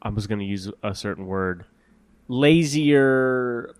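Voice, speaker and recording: A man's voice: lowish voice, slow pace, a little hiss or hum. A young man co-hosting a casual gaming podcast, joking and laughing through his stories. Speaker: podcast co-host. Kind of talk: casual chat.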